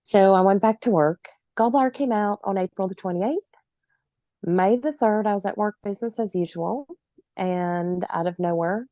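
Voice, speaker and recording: A woman in her forties, appearing as a podcast guest, tells her own story vividly and emphatically, laughing now and then. Her medium-pitched voice is mellow yet carries a gravelly, fried edge. The recording is close and dry, with no room sound.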